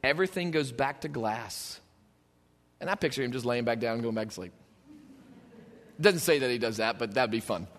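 A man preaching a sermon, telling the story in an animated way and acting out the scenes. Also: medium pitch, moderate pace, pauses often, big-room sound. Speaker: pastor.

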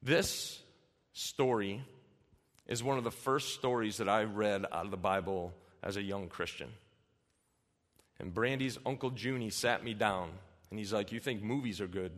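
A man's voice: fairly low pitch, a little slow, fairly bright tone. A man preaching a sermon, reading scripture aloud and then explaining it earnestly in casual terms, in a church hall. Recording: long reverb in a large hall.

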